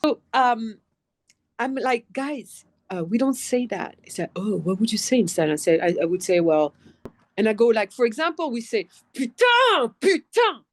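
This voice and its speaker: A woman from France with a French accent, a voice actress telling animated stories in a casual interview and acting out the quotes. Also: a little high, normal speed. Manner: animated storytelling, acts out quotes, swears casually. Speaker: guest voice actress.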